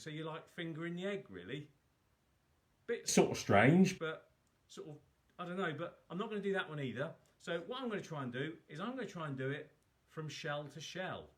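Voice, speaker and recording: A man hosting a live cook-along, chatting casually and poking fun at himself as he talks viewers through each step. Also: fairly high pitch. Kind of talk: casual live cooking demo.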